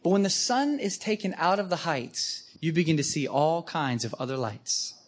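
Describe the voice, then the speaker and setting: A man preaching to a live audience, telling stories with animated emphasis. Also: a little high, normal speed. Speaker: guest preacher. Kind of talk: storytelling sermon.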